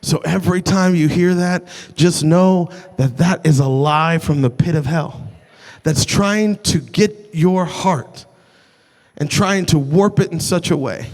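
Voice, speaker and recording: Guy preaching in a big echoey church, fired up, keeps repeating himself, kinda high voice. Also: measured pace, darkish tone. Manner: impassioned, repeats phrases for emphasis, frequent restarts. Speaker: pastor. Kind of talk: sermon. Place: large church sanctuary. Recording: long church hall reverb.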